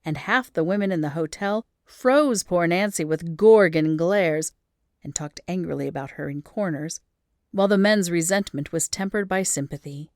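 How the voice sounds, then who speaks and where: A woman reading an old humorous story aloud as an audiobook, lively and expressive in storytelling. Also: lowish voice, normal speed, no echo, clean studio sound. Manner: lively storytelling with rising emphasis in action scenes. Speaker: audiobook reader.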